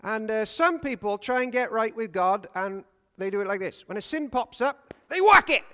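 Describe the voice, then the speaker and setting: A man preaching a sermon, lively and humorous, often putting questions to his congregation. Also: sits high, normal speed, smooth, big-room sound. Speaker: pastor. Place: church.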